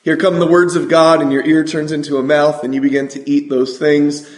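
A middle-aged man preaching a sermon, energetic and asking the congregation questions. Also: fairly high pitch, brisk, roomy sound.

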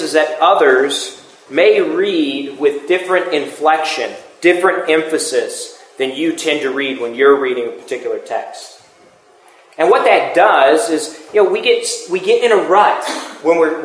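A man's voice: on the high side, reverberant, rough recording. A man preaching a sermon in a conversational teaching manner, with asides and restarts.

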